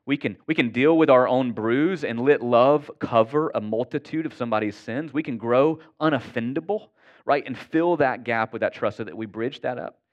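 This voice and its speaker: The recording has its highs cut off, capturing a pastor preaching at a normal pace in a mid-range voice. He keeps the sermon earnest and conversational, pausing often to check in with the congregation.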